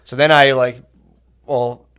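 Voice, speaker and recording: A man in his thirties telling stories in a loose podcast chat, laughing often and sinking into a low mutter. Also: level tone, slow pace, fairly bright tone, smooth. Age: 30s. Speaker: podcast host. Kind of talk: casual storytelling chat.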